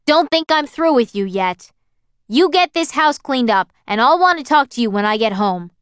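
A woman doing a furious storybook mother, high and loud, scolding sharply. The voice is smooth and dry, close to the mic. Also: lively intonation, moderate pace, no echo. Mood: angry.

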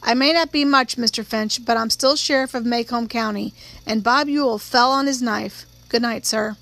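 A woman's voice: fairly high pitch, normal speed, creaky, fairly bright tone. A woman voicing a blunt, stubborn male small-town sheriff in his forties who talks in a plain-spoken drawl. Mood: earnest.

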